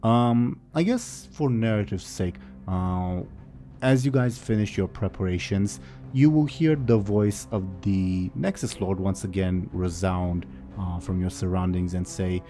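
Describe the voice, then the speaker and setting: A man running a tabletop role-playing game as game master. His voice is low and warm-toned, and his manner stays casual and playful, with a relaxed, conversational flow. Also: measured pace, faint music behind.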